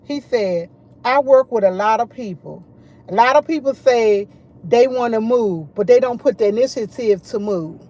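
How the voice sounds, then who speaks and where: Chatty middle-aged woman, lively storytelling. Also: fairly high pitch, normal speed. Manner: animated, quotes others a lot. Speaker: vlogger. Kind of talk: casual chat to camera.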